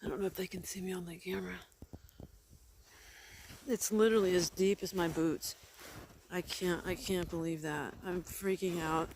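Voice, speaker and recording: A woman vlogging while house-sitting two pugs, talking breathlessly and cooing to the dogs in a high sing-song voice, filmed outdoors in snow on a handheld camera. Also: slight background noise. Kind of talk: casual vlog chatter to dogs. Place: outdoors in deep snow, then indoors.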